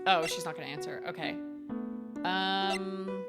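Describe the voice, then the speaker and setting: A woman's voice: medium pitch, fairly even intonation, measured pace. A young woman streamer chatting casually and giggling as she plays a video game. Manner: giggly, chatty, reacts aloud. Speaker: gaming streamer. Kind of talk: casual let's-play commentary. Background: game music.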